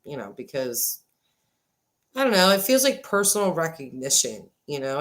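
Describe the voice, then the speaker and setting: A woman in her forties talks casually to her livestream audience through a desk microphone. Her voice sits somewhat low, and she rambles, pauses with fillers and swings between excited thanks and quieter, earnest stretches. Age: 40s. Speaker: livestream host. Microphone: desk microphone, sometimes glitchy.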